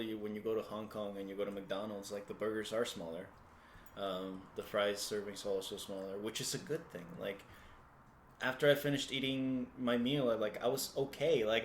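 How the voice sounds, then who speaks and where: A man hosting a podcast, talking in a laid-back, casual way and telling stories with plenty of swearing. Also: fairly low pitch. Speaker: podcast host. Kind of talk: casual chat. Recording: roomy with faint background noise.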